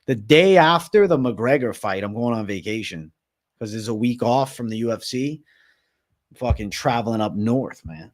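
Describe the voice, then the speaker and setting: A man's voice: medium pitch, expressive, normal speed. Young man swearing through a livestream. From Massachusetts, USA. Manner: loose and profane, swears constantly. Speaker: livestream host. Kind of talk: casual livestream chat, reading viewer comments.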